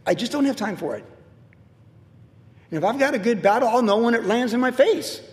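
A man's voice: very high-pitched, expressive, brisk, darkish tone, big-room sound. A middle-aged man preaching a sermon as pastor, emphatic and repetitive as he drives home his points.

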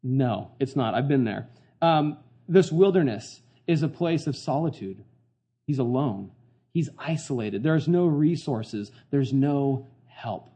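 A man's voice: mid-range voice, lively intonation, slow pace, dark tone, slightly rough. A man preaching a casual sermon in a conversational, slangy way, often asking the congregation questions. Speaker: pastor.

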